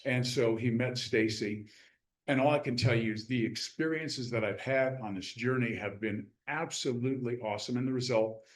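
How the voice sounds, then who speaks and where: A man speaking as a guest author at a club meeting, telling a story in a lively way and acting out the people he quotes. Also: medium pitch, moderate pace, roomy sound, rough recording. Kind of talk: casual storytelling talk.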